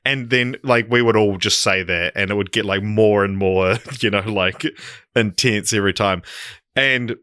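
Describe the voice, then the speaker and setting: A man's voice: lowish voice, normal speed, bright, forceful tone, no echo, studio quality. A young man co-hosting a podcast in casual chat, telling rambling stories with lots of laughter. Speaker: podcast co-host.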